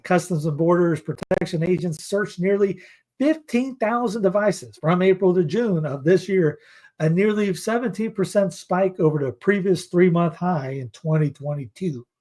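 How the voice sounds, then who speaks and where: A man's voice: sits high, a little mellow. Sarcastic man reading headlines. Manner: sarcastic asides between headlines; rambling, with many restarts and fillers. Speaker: news commentary host. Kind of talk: casual news commentary, reading headlines aloud.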